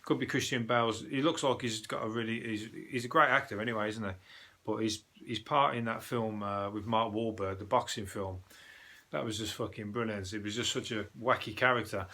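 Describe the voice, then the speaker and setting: A man's voice: on the low side, fairly even intonation, a little fast, pushed and bright. A man with a Birmingham accent, hosting a casual solo news podcast in a rambling, sweary, chatty way with lots of fillers. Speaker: podcast host.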